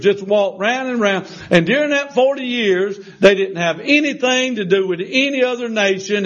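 A male preacher tells a personal testimony in a folksy, meandering way. He stumbles into restarts and acts out the other people's voices, and his voice sits fairly high. The recording sounds dull and lo-fi.

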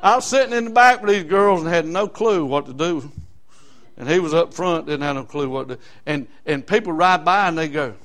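A man's voice: on the high side, fairly quick, a bit bright. An older man with a South Carolina Southern accent preaching a fiery, folksy sermon in colloquial grammar.

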